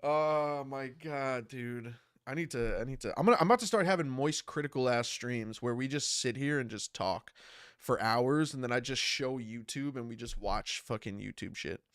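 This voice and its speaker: A man's voice: medium pitch, moderate pace, fairly bright tone, clear, resonant tone, dry recording, clean studio sound. Congested man chatting on a stream. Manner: rambling, swearing, laughing often. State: congested from a cold. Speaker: streamer and battle rapper. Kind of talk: casual livestream chat reading comments.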